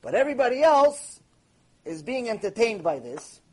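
Male rabbi for a lecture. Fairly high voice, slightly husky, emphatic storyteller who fires off rhetorical questions. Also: moderate pace. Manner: emphatic, animated anecdote telling with rhetorical questions.

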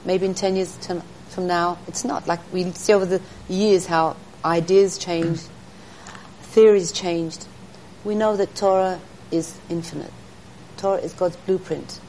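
Earnest woman telling stories, lowish voice. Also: steady tone, measured pace, a little mellow, a little hiss or hum, low-quality recording. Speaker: interview guest, speaker to women. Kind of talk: storytelling in an interview.

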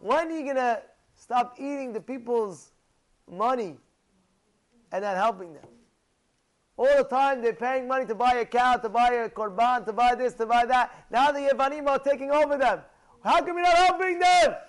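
A man voicing a defiant woman who loudly scolds the temple altar. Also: moderate pace. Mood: accusing. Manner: high-pitched, accusing rant.

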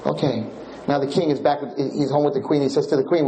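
Animated male sermon storyteller. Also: on the high side, fast, roomy sound, slight background noise, rough recording. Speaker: Torah lecturer.

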